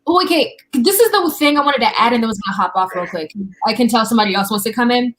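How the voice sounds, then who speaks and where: A woman's voice: a little high, expressive, racing, a bit bright, a little hiss or hum. A woman talking frankly in a casual group discussion over a video call, swearing freely. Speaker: panelist.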